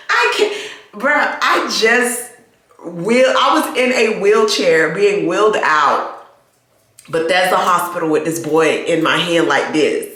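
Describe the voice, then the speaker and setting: Woman vlogger, middle-aged, wheezing with asthma, animated and laughing, bright voice. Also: lowish voice, takes it slowly, very echoey. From United States. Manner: chatty, laughing, animated storytelling. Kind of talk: casual chat to camera. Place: inside a car.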